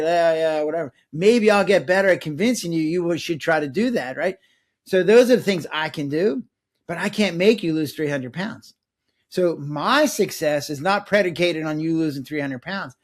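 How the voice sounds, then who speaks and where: A middle-aged man, a former doctor, talking casually in an interview and acting out quick bits of dialogue. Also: on the high side. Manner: animated, acts out patients' and his own lines in voices. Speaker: guest, former physician.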